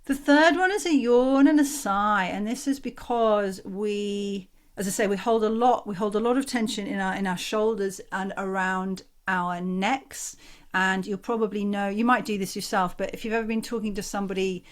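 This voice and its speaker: A woman, a voice coach calmly and encouragingly leading a group through relaxation exercises on a video call. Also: mid-range voice, moderate pace. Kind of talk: online workshop instruction.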